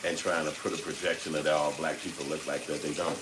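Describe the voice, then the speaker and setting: A middle-aged man hosts a casual live stream, reading the chat in loose, profane talk and laughing often. His voice is extremely low and level, moving at a quick pace over a noisy background.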